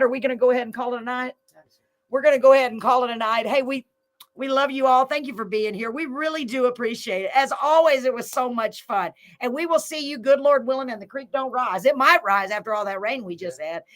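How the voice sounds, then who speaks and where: A woman's voice: high voice, brisk, a bit bright. A woman hosting a live show, folksy and gushing, laughing often. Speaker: host. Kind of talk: casual live show chat.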